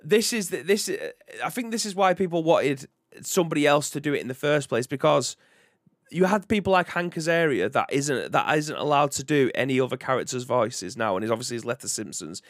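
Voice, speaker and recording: A man's voice: on the high side, lively intonation, brisk, dry recording, clean studio sound. A British man hosting a casual video game podcast, chatting in a rambling way and reading out viewer comments. He has a young son. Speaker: podcast host. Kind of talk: casual live-stream chat.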